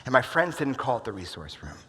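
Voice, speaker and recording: A man in his forties giving a motivational keynote talk, telling stories dramatically and swinging from loud bursts to hushed asides. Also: medium pitch, big pitch swings, fast, husky. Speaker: keynote speaker. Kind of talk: motivational stage storytelling. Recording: long hall reverb.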